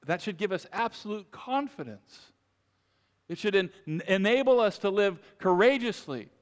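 A man's voice: high voice, lively intonation, normal speed. A man preaching a sermon to his congregation, emphatic and repetitive, speaking to them directly. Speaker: pastor. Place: church sanctuary. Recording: long reverb of a large church.

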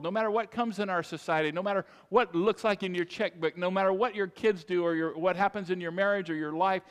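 A man preaching a sermon to his congregation, emphatic and repetitive, speaking to them directly. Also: high-pitched. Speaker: pastor. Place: church sanctuary. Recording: long reverb of a large church.

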